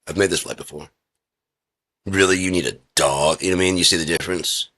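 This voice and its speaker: A man's voice: sits low, fairly even intonation, fairly quick, pushed and bright. A man talking casually and profanely on his own indoors, rambling through a rant in a lecturing way. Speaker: vlogger. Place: indoor room with a heater.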